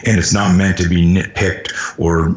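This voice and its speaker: Middle-aged man, self-defense coach, deepish voice, cursing freely, roomy dull recording. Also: normal speed. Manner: profane, animated, acts out sounds and quotes. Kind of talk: casual storytelling in conversation.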